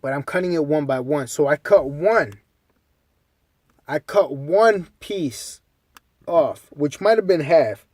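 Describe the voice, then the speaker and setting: A man's voice: fairly high pitch, animated, slow, long pauses, darkish tone, no echo. A young man co-hosting a podcast, rambling through a story in casual, profane talk. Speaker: podcast co-host.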